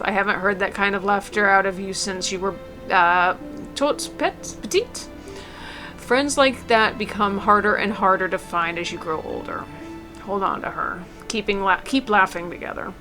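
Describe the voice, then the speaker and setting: Woman reading as an old mom writing her goodbye letter, soft and tender, bright voice. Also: medium pitch, moderate pace, faint music behind, lightly acted. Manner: gentle, tender, reading aloud with small stumbles. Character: elderly mother writing a farewell letter. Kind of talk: reading a game letter aloud.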